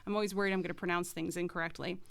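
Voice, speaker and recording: A woman with a lowish, steady voice and vocal fry speaks rapid-fire while co-hosting a casual podcast, presenting a beer segment. She explains beer styles from her notes in a semi-scripted, informative way, adding chatty asides. A crowd can be heard in the background.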